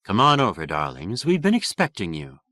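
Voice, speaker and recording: A refined female dinosaur, as a male storyteller puts her on, speaking in a Boston aristocrat accent. Every syllable is precisely shaped, and her pitch rises and falls freely. The delivery is dry and blunt. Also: wildly swooping pitch, moderate pace, pushed and bright, dry recording, heavily acted. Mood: poised.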